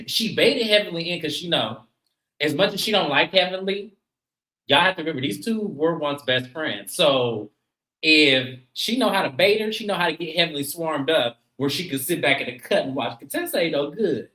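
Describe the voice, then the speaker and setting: A co-host recapping a TV episode in casual chat, animated and acting out the quotes. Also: mid-range voice, moderate pace, reverberant, rough recording. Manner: animated storyteller who acts out the quotes.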